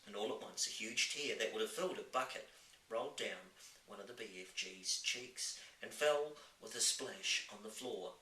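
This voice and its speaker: A man narrating a children's book in a calm, even delivery, his voice very bright. He sounds distant from the mic in a roomy space, with a faint hiss underneath. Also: on the low side, moderate pace. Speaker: reader. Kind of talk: reading a children's novel aloud.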